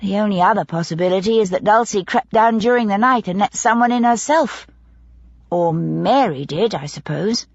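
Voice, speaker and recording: A woman's voice: mid-range voice, moderate pace, no room sound, muffled recording, lightly acted. A woman doing an eager genteel young lady. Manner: eager, hushed questioning. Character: genteel young woman posing as a maid, curious.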